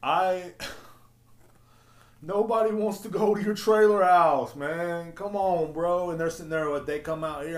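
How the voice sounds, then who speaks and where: A man's voice: sits high, unhurried. A man ranting profanely and rambling as a podcast host. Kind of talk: casual solo rant. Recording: roomy echo.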